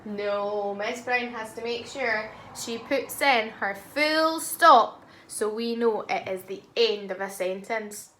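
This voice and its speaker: A woman teaching a phonics lesson to young children, speaking slowly and clearly and sounding out words in an encouraging way. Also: on the high side, fairly bright tone, a little hiss or hum. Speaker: primary school teacher.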